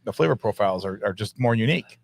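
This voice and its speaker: A man's voice: on the low side, lively intonation, fast, creaky, no room sound. A man co-hosting a casual podcast, telling a story in a chatty way and joking about himself. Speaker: podcast co-host.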